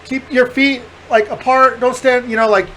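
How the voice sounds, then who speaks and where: A man with a notably high voice hosts a casual podcast, telling a rowdy story with lots of swearing and laughter. His delivery is animated and loose, like chatting with friends. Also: moderate pace, a little hiss or hum, rough recording. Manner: animated, profane storyteller who laughs through the punchlines. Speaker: podcast host.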